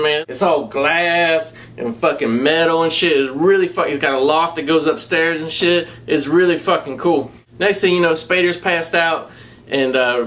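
A man with a Southern US accent and a somewhat high-pitched voice retells a film plot in loose, casual spoken review style. He talks in a rambling, laid-back way, packing his sentences with profanity. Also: a bit bright. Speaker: movie reviewer.

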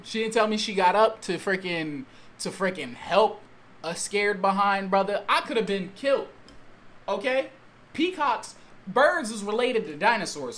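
A man telling a story-time tale in a vlog, excitable and slangy, with exaggerated storytelling and sudden outbursts. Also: sits high. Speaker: YouTube storyteller.

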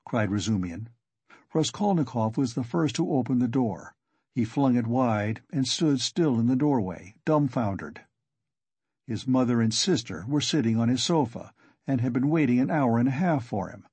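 Husky male audiobook narrator. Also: medium pitch, animated, normal speed, a little mellow, no room sound. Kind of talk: scripted narration.

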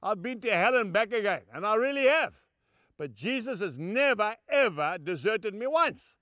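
An older man preaching a sermon, emphatic, swinging from shouts down to soft, low asides and calling his listeners "folks". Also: very animated, moderate pace, dry recording.

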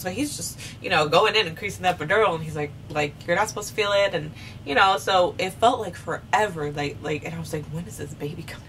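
A young woman vlogger casually telling a story, chatty with many fillers, jumping high when she acts out what she said. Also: quick pace, recorded from a distance, a little hiss or hum. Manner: animated, acts out quotes with sharp high pitch jumps.

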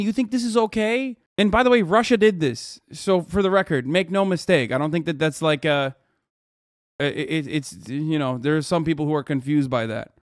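A man's voice: on the high side, moderate pace, dry recording, studio quality. A man streaming live, reacting in a heated, profane rant. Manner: angry, profane ranting.

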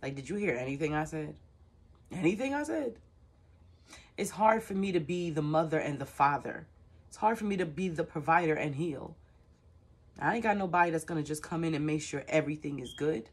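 A woman with a deep, breathy-edged voice hosts her own tarot channel. An adult with children, she speaks frankly and personally to the camera, often using filler sounds.

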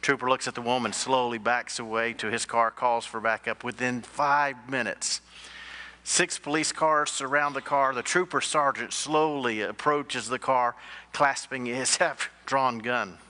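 Bright-voiced joking pastor. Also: male voice, medium pitch, steady tone, measured pace. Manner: joking storyteller who quizzes the congregation. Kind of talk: sermon.

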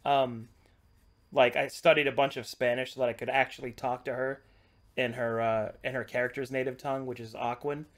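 A man's voice: mid-range voice, flat delivery, fairly quick. A man running a tabletop role-playing game as game master, who explains rules patiently and laughs easily.

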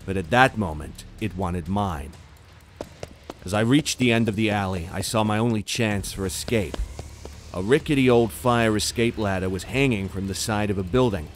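A man with a low voice narrates a scripted first-person horror story. He keeps the telling tense and dramatic. Faint music plays under his voice. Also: moderate pace.

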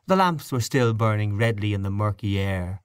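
A man reading a literary short story aloud as an audiobook narrator, in a measured, expressive way. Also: fairly low pitch, clean tone, no room sound, clean studio sound.

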